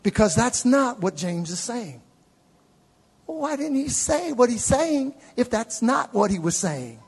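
High, gravelly man preaching in a reverberant hall. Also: very animated, unhurried. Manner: swings from shouted peaks to low asides; conversational, playful with the congregation. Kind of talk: sermon. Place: church sanctuary with live congregation.

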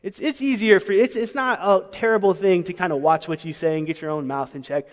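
Pastor guy preaching, kinda high voice, punchy, goes quiet then loud, big church echo. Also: fairly even intonation, brisk. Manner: emphatic, rhetorical questions, swings between soft and loud. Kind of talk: sermon. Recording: long hall reverb.

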